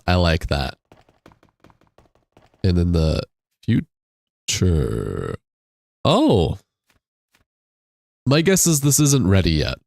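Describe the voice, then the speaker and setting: The recording is dry, and the man's voice is low with a darkish tone. Streaming a game into a desk USB microphone, he chats casually, reads chat messages aloud, and laughs or swears occasionally.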